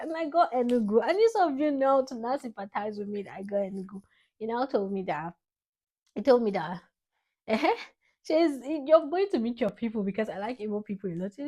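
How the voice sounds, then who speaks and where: A young woman with a Nigerian accent speaks straight to camera, expressive and a little dramatic. She swings between soft, fond remarks and bursts of laughter as she thanks her father. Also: medium pitch. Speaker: vlogger. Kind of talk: heartfelt tribute to her father.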